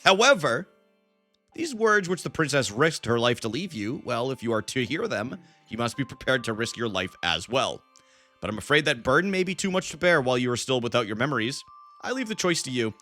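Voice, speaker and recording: A man's voice: medium pitch, big pitch swings, fairly quick, pushed and bright, faint music behind. A man reading a grave, formal old female elder's game lines in his own voice. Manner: formal, read plainly off the screen.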